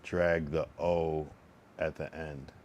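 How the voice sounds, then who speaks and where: Low-voiced man muttering pronunciation practice. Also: level tone, slow pace, darkish tone, muffled recording, slight background noise. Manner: repeats a phrase over and over to practice pronunciation. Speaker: streamer. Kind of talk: casual livestream chat.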